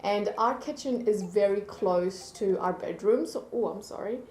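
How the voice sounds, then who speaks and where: A woman beauty vlogger chatting to camera, telling stories in a lively way at her desk. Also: medium pitch, moderate pace, echoey room, slight background noise. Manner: chatty, animated storytelling. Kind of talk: casual chat to camera. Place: indoor room at a desk.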